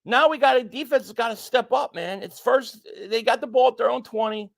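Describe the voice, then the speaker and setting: A man livestreams his reaction to a football game, narrating plays and reading viewer chat messages out loud. His voice is very high, creaky, and fairly quick, and he gets excitable, repeating himself when riled up and lurching from yelling at calls to flat frustration.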